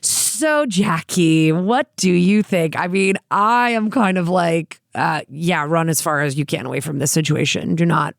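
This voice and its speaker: A woman co-hosting a casual podcast, chatty and quick to react. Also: on the low side, creaky, no echo, clean studio sound. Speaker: podcast co-host.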